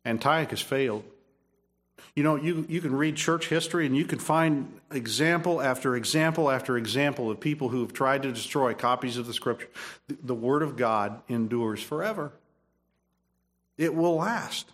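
A man's voice: mid-range voice, moderate pace, fairly bright tone. A man preaching a sermon, emphatic, repeating phrases and restarting his sentences. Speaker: pastor.

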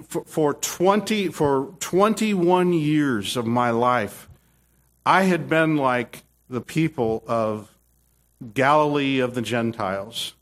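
A middle-aged man preaching a sermon with emphatic, repetitive phrasing and frequent restarts. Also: mid-range voice. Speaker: pastor.

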